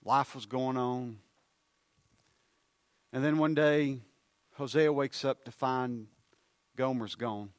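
A man preaching a sermon, moving from hushed storytelling to loud, fervent appeals. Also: mid-range voice, fairly even intonation, takes it slowly, long pauses, no room sound.

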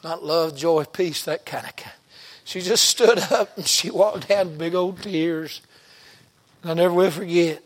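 A middle-aged preacher man tells stories from the pulpit in a slightly raised voice. He talks in a folksy, down-home way and punches certain words loudly for emphasis. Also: a little high, unhurried. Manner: folksy, colloquial storytelling with bursts of loud emphasis. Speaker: pastor. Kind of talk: storytelling sermon.

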